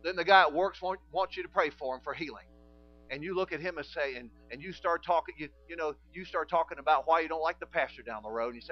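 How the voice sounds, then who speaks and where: A man preaching a sermon, telling stories and acting out conversations in quieter voices. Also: on the high side, a little fast, muffled recording. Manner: animated storytelling, acting out dialogue in quiet voices.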